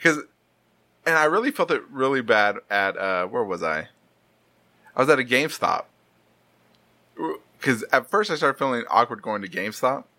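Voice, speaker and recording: A man in his thirties hosts a casual podcast chat with a bright, forceful voice. He swears freely and laughs through animated stories. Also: mid-range voice, normal speed, pauses often. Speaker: podcast host.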